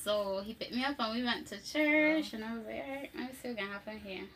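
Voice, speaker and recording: Animated woman in her twenties. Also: fairly high pitch, fast, slight background noise. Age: 20s. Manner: animated, acts out quoted voices, laughs often. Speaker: co-host telling her testimony. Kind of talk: casual storytelling.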